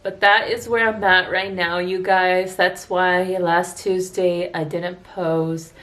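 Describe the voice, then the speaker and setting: A woman esthetician talking to her viewers in a personal vlog, tearful and earnest, halting with sighs and restarts. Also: on the low side, flat delivery, a bit bright. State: tearful, crying. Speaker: esthetician vlogger. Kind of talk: emotional personal vlog talk.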